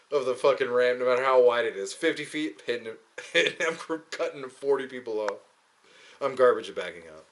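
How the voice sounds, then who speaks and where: Here a young man hosts a podcast, his medium-pitched voice animated and at a normal speed. The monologue is loose and rambling, full of profanity, jokes, and mocking impressions of what others said.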